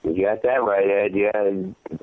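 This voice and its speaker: A man, a grieving father, telling his story in an impassioned, rambling way, his voice sinking low and heavy at the hardest parts. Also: steady tone, slow, no echo. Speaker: guest, father of a fallen soldier. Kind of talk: emotional storytelling interview. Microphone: phone call. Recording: tinny phone line, dry.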